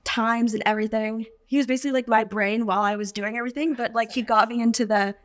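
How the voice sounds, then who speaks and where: A woman's voice: on the high side, steady tone, fast. A woman co-hosting a casual podcast, a cook speaking admiringly and saying "like" often. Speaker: co-host and cook.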